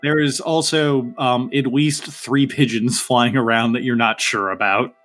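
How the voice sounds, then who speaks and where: A man narrating a tabletop game as game master, chatty and relaxed, with many fillers. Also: mid-range voice, measured pace, faint music behind.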